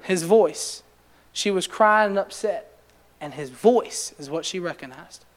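High-voiced earnest male preacher. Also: measured pace. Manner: earnest, builds to emphatic rising delivery. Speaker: preacher leading a Bible study. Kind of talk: conversational sermon with congregation questions.

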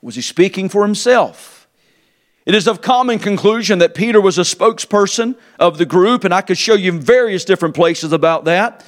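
A man preaching a sermon to a congregation, impassioned, swinging between shouted emphasis and quiet, low asides. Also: expressive, moderate pace. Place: church service before a congregation.

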